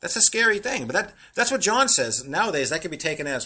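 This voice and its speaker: A middle-aged man preaching a sermon, animated and laughing at his own jokes, slowing down to read verses. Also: fairly high pitch, breathy edge.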